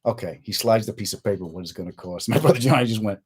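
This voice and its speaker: A man's voice: on the low side, a little fast, few pauses, breathy edge. A middle-aged man, a comedian hosting his own podcast, chatting casually with viewers and telling jokey stories. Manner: joking, animated storytelling. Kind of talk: casual live-stream chat.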